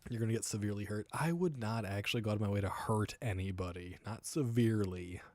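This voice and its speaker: A man in his thirties hosts a casual livestream and tells crude stories, laughing at them as he goes. His voice is fairly low and recorded close and dry, with no room sound at all. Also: fast, a little mellow, no echo. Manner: laughs often, crude humor, storytelling. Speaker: streamer.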